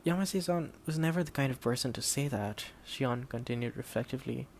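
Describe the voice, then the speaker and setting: A man reading an audiobook in a steady, measured way, voicing the dialogue quietly. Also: mid-range voice, vocal fry, slight background noise. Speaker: audiobook narrator. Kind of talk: scripted audiobook narration.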